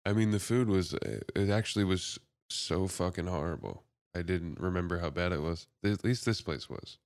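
A man's voice: low-pitched, moderate pace, darkish tone, no room sound, clean studio sound. A young man co-hosting a podcast, reacting in a laid-back way and laughing often. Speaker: podcast co-host. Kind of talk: casual chat.

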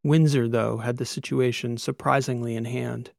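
A man narrating a science fiction audiobook in a steady, storytelling manner. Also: mid-range voice, normal speed, vocal fry, no echo, studio quality. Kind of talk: scripted narration.

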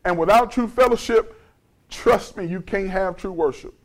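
A man who is a pastor preaching a sermon, rising to shouts and dropping to hushed lows as the congregation answers. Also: moderate pace, poor audio. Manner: call-and-response preaching, rising to shouts then dropping low.

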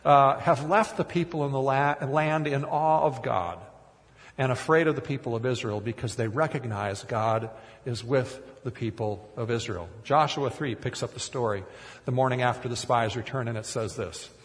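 A man's voice: medium pitch, moderate pace, big-room sound. A man from Minnesota preaching a sermon in church, conversational and self-deprecating, with frequent restarts and asides. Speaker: pastor. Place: church sanctuary.

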